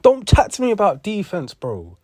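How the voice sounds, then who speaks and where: A man's voice: high-pitched, wildly swooping pitch, moderate pace, darkish tone, no echo, clean studio sound. A young man, ranting in heated sports commentary, repeating himself and swearing. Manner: heated, repetitive, profane.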